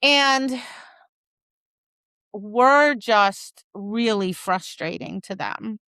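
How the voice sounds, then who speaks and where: Bright, crisp-voiced woman co-host. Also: medium pitch, very slow, no echo, clean studio sound. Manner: animated, acts out quoted lines; frequent "right?" and "like". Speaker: dog trainer and podcast co-host. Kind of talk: casual chat.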